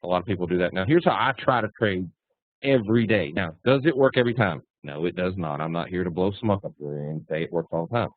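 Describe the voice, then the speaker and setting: A man's voice: low-pitched, fast, no echo. Blunt man teaching over a tinny line. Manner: folksy, blunt, punchy. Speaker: trading instructor. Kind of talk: casual teaching webinar. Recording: tinny phone-like dry line.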